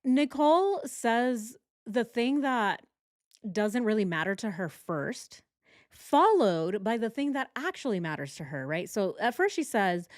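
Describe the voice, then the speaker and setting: A woman's voice: a little high, very animated, a little slow, no room sound, clean studio sound. A woman hosting a true crime reaction video, commenting casually and with sarcastic, mocking remarks.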